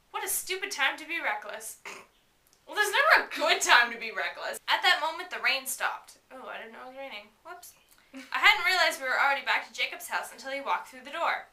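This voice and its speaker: A woman's voice: high voice, lively intonation, normal speed, sharp tone, recorded from a distance. A woman reading a novel aloud in a casual way, breaking off for giggly, chatty asides, recorded in an echoey room away from the mic. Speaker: reader. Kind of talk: casual read-aloud with commentary.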